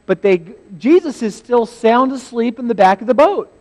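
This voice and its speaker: A male pastor giving a sermon, telling a Bible story in a lively, humorous way. He laughs often and acts out scenes with sudden shouts. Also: very high voice, moderate pace.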